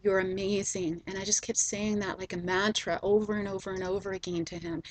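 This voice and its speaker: A middle-aged woman hosting a spiritual video, telling a personal story in a soft, slow, gentle way with frequent ums. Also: medium pitch, fairly even intonation, rough recording.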